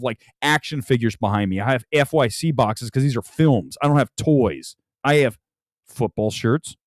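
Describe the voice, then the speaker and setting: A man hosting a movie talk livestream, ranting about films with loud outbursts and low mutters. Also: dry recording, clean studio sound. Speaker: film critic show host. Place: home room with film boxes and jerseys.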